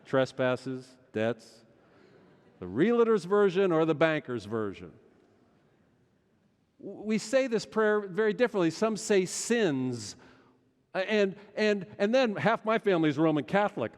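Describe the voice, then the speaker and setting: A middle-aged male pastor preaching a sermon, swinging between loud urgency and hushed intensity. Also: sits high, big pitch swings, a little slow, clear, resonant tone. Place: large church sanctuary. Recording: long church hall reverb.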